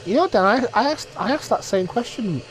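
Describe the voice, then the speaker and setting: A man's voice: high voice, lively intonation, brisk, soft background music, poor audio. A young man co-hosting a casual film commentary, trading dry, wry quips.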